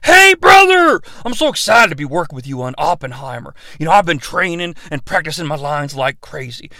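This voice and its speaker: A man doing a loud, blustering impression of a famous pro wrestler. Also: a little high, sing-song, fairly quick, no echo, clean studio sound, exaggerated voice. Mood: excited. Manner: shouting, hoarse catchphrase bluster. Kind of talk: comedic impression reading AI script.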